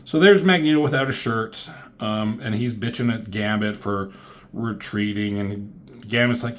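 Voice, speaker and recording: Dude reviewing comics off the cuff, swears a lot, lots of ums. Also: male voice, fairly low pitch, unhurried. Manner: rambling, profane, lots of fillers. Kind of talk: casual comic review commentary.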